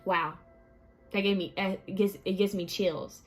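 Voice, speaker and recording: A woman's voice: mid-range voice, a little slow. Tarot reader, woman, just woken up, casual and musing, faint music underneath. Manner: relaxed, musing, talks to viewers directly. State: just woke up. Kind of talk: pick-a-card reading.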